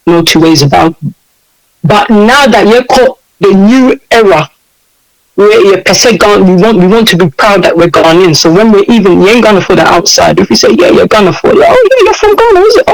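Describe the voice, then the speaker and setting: Interview guest: English-accented man, high voice, emphatic and animated, hammers his points home. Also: low-quality recording. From United Kingdom. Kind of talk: impassioned interview talk.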